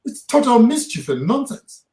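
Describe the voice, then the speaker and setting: A very high-pitched, sing-song, mellow voice belongs to a theologian guest who speaks at a normal pace in a reverberant space. He lectures with passion and emphasis in the interview, rattling off rhetorical questions.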